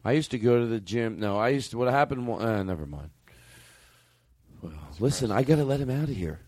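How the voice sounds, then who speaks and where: A man's voice: mid-range voice, lively intonation, fairly quick, a little mellow, no echo. A man hosting a comedy talk show, teasing and cutting in on his guests. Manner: playful, interrupting, teasing. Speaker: show host.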